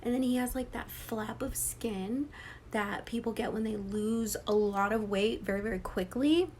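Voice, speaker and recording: A woman's voice: on the high side, normal speed, a little mellow, a little hiss or hum. A young woman casually retelling a horror novel's plot, slipping into whispers and acting out the characters' lines with lots of swearing. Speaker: book vlogger.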